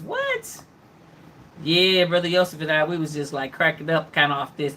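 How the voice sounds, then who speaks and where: Her voice sits on the high side, bright and pushed, as she hosts an online news hour. She reads headlines aloud and reacts loosely and chattily, with plenty of mm-hmms and asides to viewers, whom she greets and answers by name in this casual livestream commentary.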